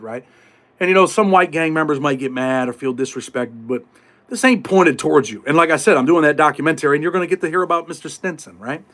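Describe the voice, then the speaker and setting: Middle-aged male host, high voice, casual street talk, salty language. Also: fairly bright tone. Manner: streetwise, swearing, acts out prison voices. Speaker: podcast host. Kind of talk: casual live-stream talk.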